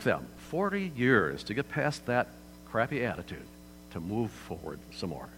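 Medium in pitch yet swinging widely, his fairly bright voice moves at normal speed through a chatty sermon in a church hall, with frequent questions for listeners. You can hear hall reverb and a faint mains hum.

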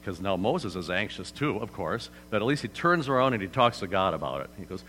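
Man preaching, lively pitch, questions to the crowd, echoey hall, bit of hum. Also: a little fast, hardly any pauses. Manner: conversational, asks the audience questions. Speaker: pastor. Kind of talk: sermon. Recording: hall reverb, faint mains hum.

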